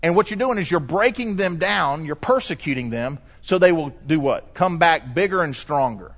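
A male pastor delivering a lively sermon, telling stories and acting out voices as he preaches. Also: fairly high pitch, moderate pace. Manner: animated storytelling preacher, shifting pace, acts out quotes.

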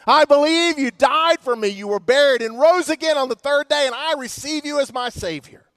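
A male pastor in his forties preaches with an emphatic, questioning delivery. His voice sits very high for a man and comes across dry and close, with little room sound. He slows right down whenever he stresses scripture. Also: fairly bright tone, no echo. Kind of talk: sermon.

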